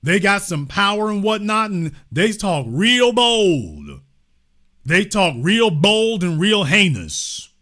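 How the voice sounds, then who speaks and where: Lively emphatic man. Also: high voice, slow pace. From Louisiana. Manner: emphatic, repetitive, swings between loud and hushed. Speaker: host. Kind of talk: impassioned political commentary.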